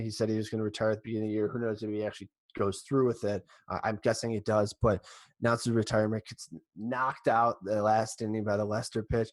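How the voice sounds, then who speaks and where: A man co-hosting a sports podcast, rambling and excitable, restarting his sentences as he recaps a game. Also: lowish voice, no room sound. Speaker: podcast co-host. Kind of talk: casual sports chat.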